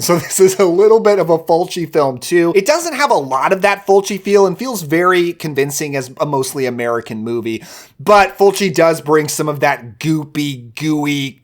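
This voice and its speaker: A young man hosting a film review channel, talking casually and enthusiastically about movies he recommends, gushing in quick bursts. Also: fairly high pitch.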